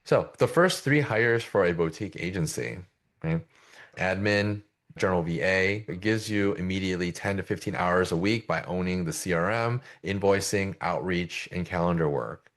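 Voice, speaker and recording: A man's voice: low-pitched, normal speed, fairly bright tone. A middle-aged man presenting a business coaching session in a conversational way, often checking in with "right?". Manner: conversational, keeps asking "right?". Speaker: agency coach.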